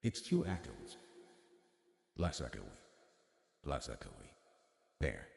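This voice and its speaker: A man speaking through an AI voice changer that turns him into a deep male narrator voice, chatting casually and fumbling over his words. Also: huge pitch swings, takes it slowly, gravelly, a little mellow, long reverb tail, full character voice. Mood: amused. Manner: self-mocking, amused, fumbling over words. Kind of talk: casual live-stream chat.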